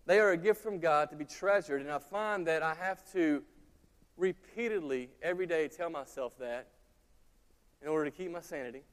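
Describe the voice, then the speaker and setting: A man in his thirties delivers a sermon to his church, his voice sitting notably high. He tells stories in a chatty, animated way and keeps turning to the congregation with asides. The sound carries a long reverb from the church hall. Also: moderate pace, smooth. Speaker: pastor. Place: church sanctuary.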